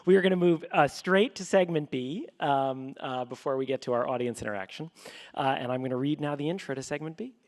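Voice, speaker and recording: A woman moderating a live podcast taping, moving things along briskly with frequent fillers. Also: low voice, darkish tone. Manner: brisk, filler-heavy transitions. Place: stage before a live audience.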